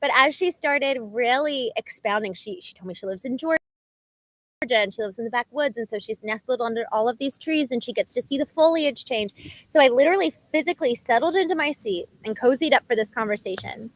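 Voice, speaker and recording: A woman hosting a livestream, talking unscripted in an earnest, animated way, with lots of "like" and quick restarts. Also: fairly high pitch, poor audio. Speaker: livestream host. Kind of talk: unscripted reflective monologue.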